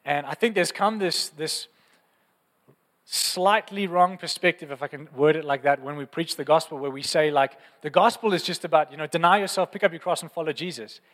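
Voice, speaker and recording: A man's voice: a little high, a little fast, fairly bright tone, in a large hall. A man preaching a sermon in an earnest, passionate, conversational way, often repeating phrases. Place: church.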